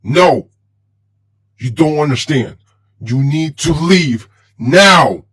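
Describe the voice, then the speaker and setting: A man voicing a masked male vigilante speaking in a low, disguised growl. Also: little pitch movement, slow, slightly rough, exaggerated voice. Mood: shouting.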